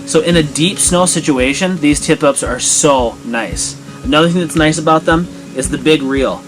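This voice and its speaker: Relaxed man explaining gear in a garage. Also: fairly high pitch, moderate pace, over music, low-quality recording. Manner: relaxed, matter-of-fact explaining. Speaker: fishing show host. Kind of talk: casual outdoor vlog narration.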